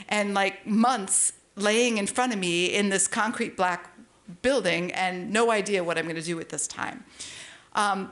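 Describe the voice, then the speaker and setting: Woman, storyteller, from Minnesota, live stage story, lively asides, mid-pitched. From Minnesota, USA. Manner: lively and conversational, with asides and tag questions. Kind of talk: true personal story told live on stage. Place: brewery event stage before a live audience.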